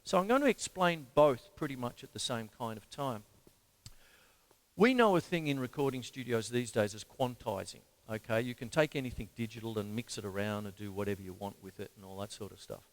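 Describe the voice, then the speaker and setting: A man's voice: mid-range voice, a little fast. A man with an Australian accent, hosting a casual drum lesson, chatting with fillers and counting beats aloud in rhythm. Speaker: drum teacher and show host. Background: drum kit playing.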